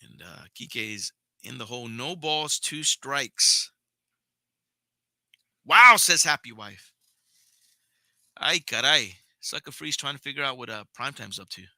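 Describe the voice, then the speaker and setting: A man's voice: mid-range voice, normal speed, sharp tone, no echo. A young man hosting a podcast, giving casual live play-by-play of a baseball game, chatting with viewers and swearing now and then. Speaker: podcast host and play-by-play caller.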